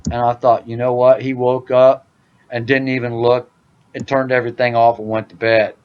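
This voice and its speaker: A man's voice: medium pitch, little pitch movement, moderate pace, highs cut off. A man hosting a casual podcast, telling joking stories and saying "dude" a lot. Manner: loud joking storyteller, says "dude" a lot. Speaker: podcast host. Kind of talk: casual gaming podcast chat.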